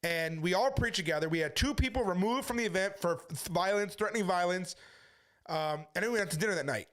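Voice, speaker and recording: A man who is a street preacher, briskly telling a story to his viewers and quoting the back-and-forth as he goes. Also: high-pitched, fairly bright tone. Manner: brisk retelling full of quoted back-and-forth. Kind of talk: casual storytelling monologue.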